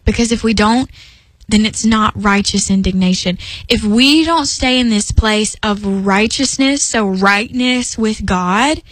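A woman's voice: mid-range voice, a little slow, a bit bright, no echo, low-quality recording. A young woman speaking earnestly about faith in a personal devotional talk, emphatic and rambling with restarts. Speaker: Christian speaker.

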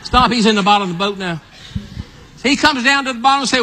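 A man preaching an animated sermon, acting out a story with volunteers and calling out to the congregation. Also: fast, in a large hall. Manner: animated, calls out to the audience, builds to excited high shouts.

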